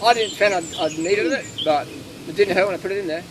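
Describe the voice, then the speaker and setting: A man with a high, light voice chats casually through an audience Q&A, spinning lively anecdotes and voicing the people in them. The outdoor recording is full of steady background noise. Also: quick pace. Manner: anecdotal, animated, acts out quotes. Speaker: speaker answering audience questions. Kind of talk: casual Q&A talk. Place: outdoor festival.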